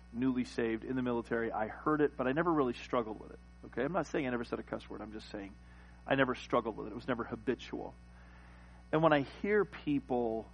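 A middle-aged man preaching a sermon, building to loud emphatic peaks. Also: mid-range voice, rough recording. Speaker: pastor.

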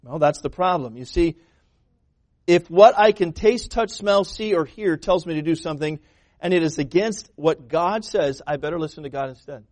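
High-voiced emphatic male preacher. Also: normal speed, a little mellow, dry recording. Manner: emphatic preaching, acts out quoted voices, repeats words. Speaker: pastor. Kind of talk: sermon.

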